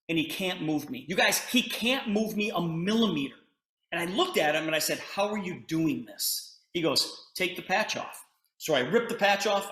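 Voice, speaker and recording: A man's voice: sits high, pushed and bright. A middle-aged man telling a story to an audience, acting out a conversation and talking to listeners as "you guys". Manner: retells a conversation in quick asides, addresses listeners as "you guys". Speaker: company presenter telling a story. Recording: roomy echo.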